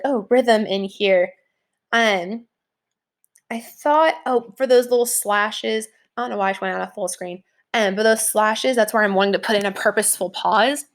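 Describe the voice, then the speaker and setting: A young adult woman teacher giving a casual recorded lesson from home, chatty and informal, with many fillers. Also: mid-range voice. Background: leaf blower outside.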